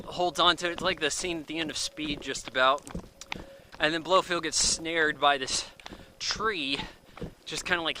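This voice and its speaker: A man giving a casual, rambling movie review, full of fillers and quick acted-out asides, recorded outdoors near traffic. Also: fairly high pitch.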